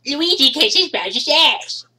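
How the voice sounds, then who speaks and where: A woman's voice: high voice, expressive, slow pace, over a noisy crowd. A woman voicing a rude, sarcastic cartoon character who mocks the others, over background music. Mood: mocking. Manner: taunting, sarcastic.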